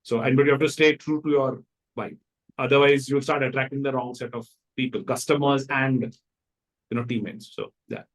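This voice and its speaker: A man with an Indian English accent, a company founder telling stories in a casual interview, lively and acting out the people he quotes. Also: normal speed. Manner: animated, acts out quoted people in a higher voice.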